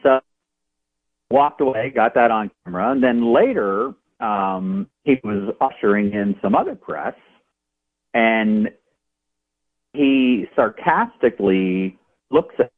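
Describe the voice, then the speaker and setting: A man, an independent journalist, calling in to a radio show and telling his story in an animated, indignant way. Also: medium pitch, slow pace, long pauses. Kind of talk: phone-in radio interview. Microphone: telephone. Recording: tinny phone line.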